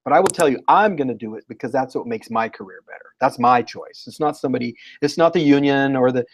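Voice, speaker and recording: A man talking as a guest educator in a casual interview, telling lively stories and acting out what people said. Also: mid-range voice, fast talker, low-quality recording. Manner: animated storyteller, acts out quotes.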